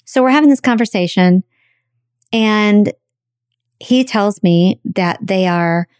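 A woman telling a personal story in a chatty, animated way, acting out the voices of people she quotes. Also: mid-range voice, slow, smooth, dry recording, studio quality.

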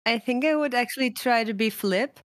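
A woman's voice: on the high side, a little fast. A woman player on a tabletop game podcast, chatting casually and giggling often. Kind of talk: casual chat.

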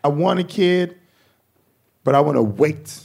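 A male stand-up comedian doing a profane, animated routine, acting out quoted voices with shouts. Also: on the high side, unhurried, creaky, slightly rough.

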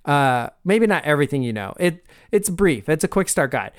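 Smooth-voiced man host rambling. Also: a little high, big pitch swings, normal speed. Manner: friendly, rambling, filler-heavy. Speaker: podcast host. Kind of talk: casual podcast announcements.

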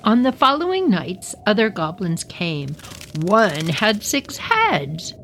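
A woman's voice: mid-range voice, wildly swooping pitch, slow pace, fairly bright tone, slight background noise, rough recording. A woman reading a story aloud on her podcast with playful, chatty asides.

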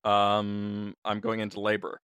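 A man's voice: fairly low pitch, monotone, measured pace, fairly bright tone, clean tone, no room sound. A man co-hosting a podcast in casual chat, teasing his co-host with dry sarcasm.

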